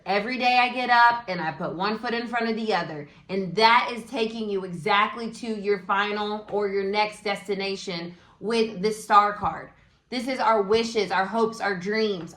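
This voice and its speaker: Slow-talking tarot reader woman, echoey. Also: on the high side. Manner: warm, encouraging, thinks aloud with fillers. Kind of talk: casual tarot reading.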